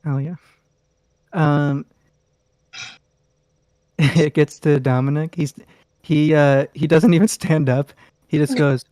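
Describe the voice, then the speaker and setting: A man's voice: a little high, slow pace, pauses often, warm tone, no echo. A man narrating a tabletop game as game master, in a loose, rambling way with lots of fillers.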